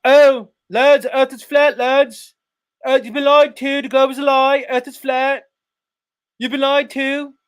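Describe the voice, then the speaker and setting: A man putting on a pushy flat earth street preacher with a mock British accent, hectoring passersby in a sing-song pitch. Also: measured pace.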